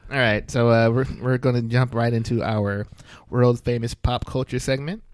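A man's voice: mid-range voice, fairly even intonation, moderate pace, clean tone, dry recording. A man hosting a podcast, telling stories in a loose, joking way and laughing often. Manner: loose, chatty storytelling. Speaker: podcast host. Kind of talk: casual chat.

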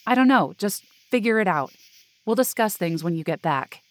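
A woman's voice: mid-range voice, expressive, normal speed, dry recording, close to an everyday voice. A woman voicing a harried man who runs a summer camp, speaking curtly and dismissively. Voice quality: curt and dismissive. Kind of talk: audio drama dialogue.

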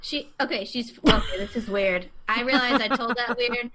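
A woman hosting a podcast, chatting casually and telling stories with lively asides. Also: fairly high pitch, crowd noise. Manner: animated storytelling, quick asides. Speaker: podcast host. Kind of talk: casual chat.

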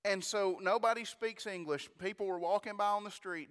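A man delivers a storytelling sermon in a high, smooth and resonant voice. He talks in an animated way, doubling his words and exclaiming praise. His voice rings with a long reverb, as in a large church hall. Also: normal speed. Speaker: preacher.

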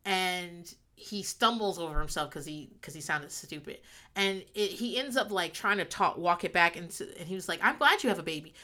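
A woman's voice: fairly low pitch, expressive, moderate pace, sharp tone. A young woman chatting casually and rambling, laughing often and acting out characters' lines as she recaps a sitcom.

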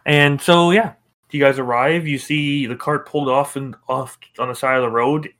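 A man running a tabletop game as game master, narrating with halting pauses and fillers. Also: medium pitch, fairly even intonation, fairly bright tone.

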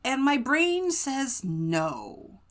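A young woman co-hosting a casual podcast chat, telling stories in an animated way. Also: high voice, drawn-out words. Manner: animated storytelling, mimics voices when retelling. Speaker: podcast co-host.

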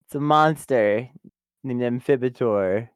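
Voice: medium pitch, a little slow, smooth, no room sound, clean studio sound. A podcast co-host in casual review chat, talking loosely with lots of filler words and easy laughter. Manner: chatty, many "like" fillers, laughs easily.

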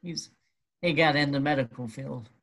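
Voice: medium pitch, moderate pace, fairly bright tone. A guest telling a personal story in a casual, wry and matter-of-fact way.

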